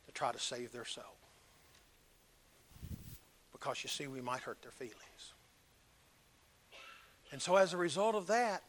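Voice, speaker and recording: A man preaching a sermon, emphatic, swinging between loud exhortation and hushed earnest talk. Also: mid-range voice, lively intonation, a little slow, long pauses.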